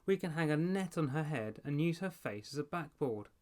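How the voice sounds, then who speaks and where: A man's voice: a little high, lively intonation, moderate pace, a little mellow, pitched above the performer's own voice, lightly acted. A man voicing a boy who teases his little sister. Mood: mocking. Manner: mocking. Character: teasing mean-spirited boy.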